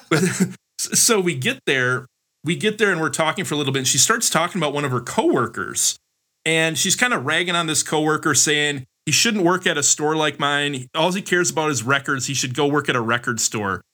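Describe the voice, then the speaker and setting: A man with a bright, slightly high voice, chatting casually as a podcast co-host. He tells stories in a rambling way, full of repeats and restarts. He pokes fun at himself with a wry edge. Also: animated, brisk. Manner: rambling storyteller, wry and self-mocking. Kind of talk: casual chat.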